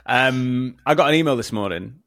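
A man co-hosting a podcast, explaining points in a measured, casual way. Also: mid-range voice, fairly bright tone, no echo, clean studio sound. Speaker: podcast co-host. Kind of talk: casual sales podcast chat.

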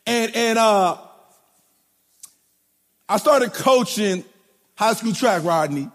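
A man's voice: high-pitched, animated, slow. A middle-aged man preaching a sermon with a sing-song cadence, often stuttering and repeating words as he tells coaching stories. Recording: long hall reverb.

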